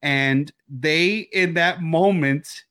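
Recording remotely from home, a man co-hosts a casual movie-discussion podcast, telling the story as an animated storyteller who acts out reactions and swears often. His pitch is fairly high and he talks extremely slowly.

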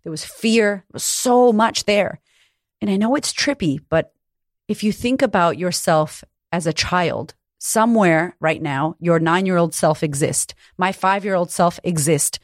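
A middle-aged woman coach speaks frankly and with emphasis, dropping curse words as she makes her points. Her voice sits on the low side. The recording is dry and close, with no room sound. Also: unhurried, no room sound. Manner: frank and emphatic, swears freely. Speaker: coach running women's retreats. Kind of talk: candid motivational talk.

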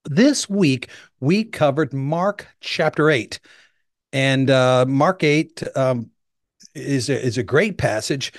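A man's voice: medium pitch, dry recording, clean studio sound. A male pastor giving an enthusiastic, conversational sermon, explaining things in a chatty way.

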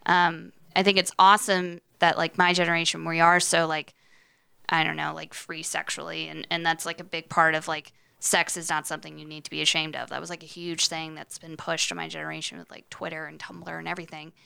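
A woman's voice: sits low, flat delivery, a little fast, gravelly, sharp tone, smooth. A young woman talking as a podcast guest in casual chat, frank and peppered with "like". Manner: frank, many fillers like "like".

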